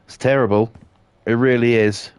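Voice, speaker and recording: A British man talks loosely to his live stream audience, blunt and quick to swear. His voice sits in an ordinary middle pitch. The sound is dry, with no room around it. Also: steady tone, darkish tone, clear, resonant tone, dry recording. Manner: blunt, swears freely, laughs often. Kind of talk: casual live-stream chat.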